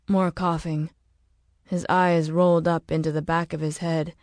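Slow, low-voiced woman narrating. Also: level tone, darkish tone, no echo, clean studio sound. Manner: slow, measured, dramatic. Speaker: audiobook narrator. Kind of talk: scripted narration.

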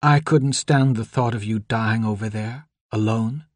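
A man reading an audiobook, voicing a frail, shivering young woman with a small, quiet voice. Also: fairly low pitch, unhurried, dry recording, studio quality. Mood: pleading. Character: weak, frightened, cold young woman.

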